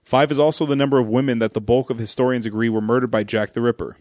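A man's voice: medium pitch, steady tone, a little mellow, no echo. A man hosting a casual podcast, running a quiz game and reading out movie trivia. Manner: fast, reads trivia and game rules.

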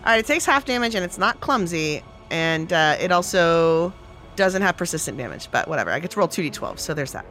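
A woman playing a tabletop game, chatty and excitable, laughing often as she explains her character's actions. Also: fairly low pitch, fairly quick, soft background music. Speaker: player. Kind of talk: casual tabletop game play.

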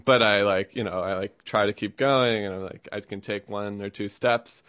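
A man's voice: lowish voice, steady tone, normal speed, fairly bright tone, no echo, studio quality. A man telling a personal story to a live audience, chatty and self-amused, laughing often and peppering his speech with fillers.

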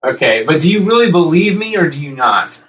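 A man co-hosting a casual podcast chat, rambling and animated, breaking into high-pitched impressions. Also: a little fast, reverberant, distant mic, poor audio. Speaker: podcast co-host.

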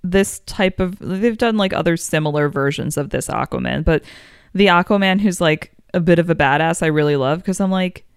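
A woman co-hosting a podcast, chatting casually and enthusiastically, quick to laugh. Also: on the low side, clean tone, no room sound, clean studio sound. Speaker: podcast co-host. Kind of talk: casual chat.

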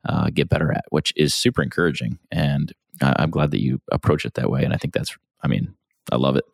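Very deep-voiced, encouraging podcast host. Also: male voice, brisk, vocal fry, dry recording, clean studio sound. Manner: encouraging, affirming listener. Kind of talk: casual interview.

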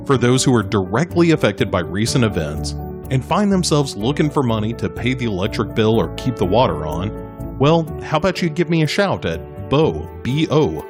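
A man's voice: medium pitch, sing-song, normal speed. Friendly man reading a promo over music. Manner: friendly, conversational appeal. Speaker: podcast network promoter. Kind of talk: scripted promo read.

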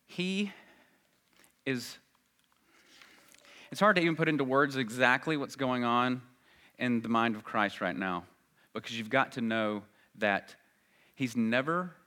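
A man preaching a sermon in an earnest voice that swells loud and high at emphatic moments. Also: a little slow, long pauses.

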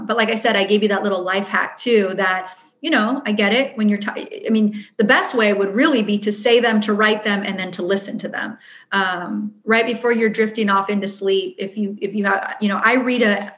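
A woman leading a wellness workshop and answering questions in a chatty, earnest way. She acts out her inner voice as she speaks. Her voice sits at a middle pitch and rings in a roomy space. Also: fairly even intonation, moderate pace, fairly bright tone. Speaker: workshop facilitator. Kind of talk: answering audience questions at a live event. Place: event room.

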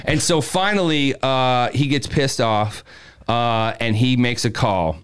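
Smooth-voiced man telling a wild story. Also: medium pitch, slow. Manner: animated, acts out quotes, laughs while telling. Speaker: podcast guest telling a story. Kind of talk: casual storytelling.

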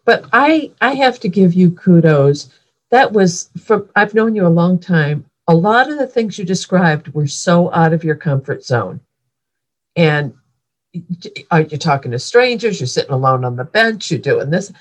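A woman podcast co-host in casual chat, listening and giving lively, encouraging reactions. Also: on the low side, a little slow, low-quality recording.

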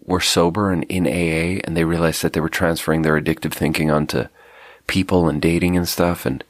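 Low-voiced stuffy-nosed man, rambling podcast talk. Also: level tone, fairly quick, dry recording, clean studio sound. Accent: slight South African slip. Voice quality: stuffy nose. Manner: rambling, self-deprecating, reflective. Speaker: podcast host. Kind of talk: casual solo podcast monologue.

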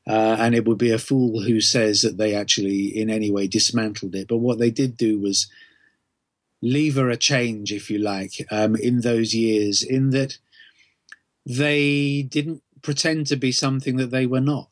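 A man's voice: medium pitch, steady tone, no echo. A man, an author being interviewed, explaining thoughtfully at length with frequent ums and restarts. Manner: measured, thoughtful, many ums. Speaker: author and guest.

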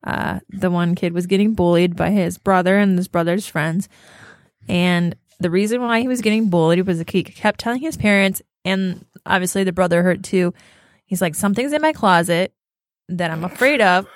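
A woman's voice: lowish voice, steady tone, normal speed, no echo. Woman podcast host telling a story, laughing through it, dry close sound. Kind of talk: casual chat.

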